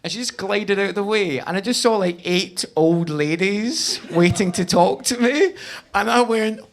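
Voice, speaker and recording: A Scottish man doing stand-up comedy, telling self-deprecating stories with animated delivery. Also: sits high, normal speed. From Scotland.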